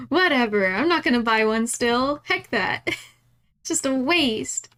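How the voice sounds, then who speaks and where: Giggly high-voiced woman streamer. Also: bright, forceful tone. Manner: giggly, chatty, talks to herself. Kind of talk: live gameplay commentary.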